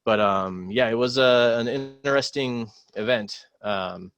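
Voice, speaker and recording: A man, a former Marine, telling a war story in casual podcast chat, rambling with many pauses and swearing freely. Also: mid-range voice, fairly bright tone, clean tone, no echo.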